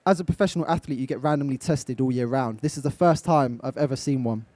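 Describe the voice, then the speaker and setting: A man's voice: medium pitch, fast talker, warm tone, no room sound. A young man from England giving a live motivational talk, direct and coaching, putting questions to his audience. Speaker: motivational speaker. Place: event stage.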